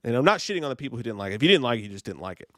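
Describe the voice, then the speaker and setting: A man hosting a live movie news stream, talking in an excitable, profane, rambling way while reading chat. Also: mid-range voice, racing, dry recording, clean studio sound.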